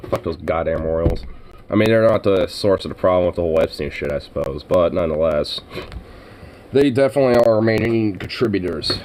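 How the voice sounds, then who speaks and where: A man's voice: deep voice, expressive, brisk, a little mellow, a little hiss or hum, low-quality recording. An American man ranting casually with constant swearing, frequent laughter and lots of fillers like "like" and "you know". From United States. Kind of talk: casual profane rant.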